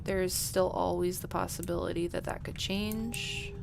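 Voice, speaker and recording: A woman's voice: fairly low pitch, steady tone, measured pace, gravelly, background noise. A woman streaming a horror game, talking herself through it with jumpy, nervous laughter and reading the game's text aloud. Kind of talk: casual game commentary.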